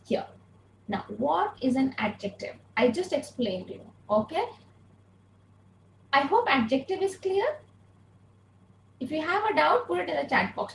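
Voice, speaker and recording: A woman's voice: sits high, reverberant, a little hiss or hum, poor audio. A woman teaching an online grammar lesson, patiently repeating key points and asking rhetorical questions, speaking through an earphone mic. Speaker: English teacher.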